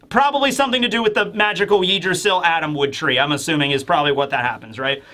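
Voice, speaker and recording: A man hosting a casual manga chapter review, rambling with lots of fillers and dropping into quick voices for the characters. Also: on the high side, sharp tone.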